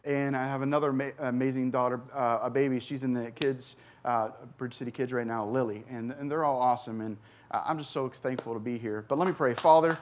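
A man in his forties, a recovery pastor, telling his personal story from a church stage, earnest and halting with many fillers and restarts. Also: mid-range voice, steady tone, a little hiss or hum. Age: 40s.

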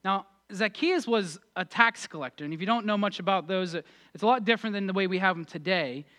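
A man pastor preaching a sermon and leading prayer, energetic and emphatic with fervent peaks. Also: sits high, a little fast.

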